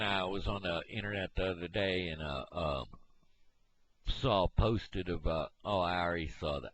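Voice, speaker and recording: A man from Missouri vlogging in a meandering, halting, folksy monologue. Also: low-pitched, animated, noisy background. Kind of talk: rambling casual monologue. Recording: dull lo-fi home recording.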